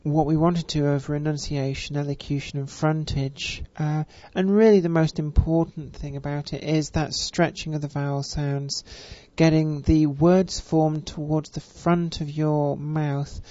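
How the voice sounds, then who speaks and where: Measured, refined-sounding voice coach. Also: female voice, deep voice, flat delivery, mellow, no room sound. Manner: measured, elongated vowels, many fillers. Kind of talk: spoken voice lesson. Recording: dull, dry recording.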